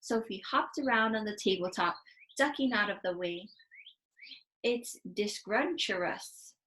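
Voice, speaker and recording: A woman, likely a teacher, reading a children's storybook aloud at a steady pace. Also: medium pitch, normal speed, slight background noise, rough recording.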